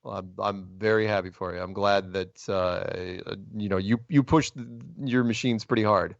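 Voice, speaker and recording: A man's voice: lowish voice, steady tone, normal speed, creaky, no room sound. A man hosting a casual interview, friendly and easygoing, with rambling questions full of restarts. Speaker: host. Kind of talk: casual video call interview. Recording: dry, dull lo-fi sound.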